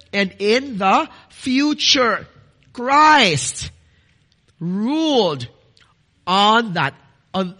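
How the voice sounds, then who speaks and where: High, bright-voiced male preacher. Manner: earnest, building to emphatic declarations; addresses listeners as "dearly beloved". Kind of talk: sermon.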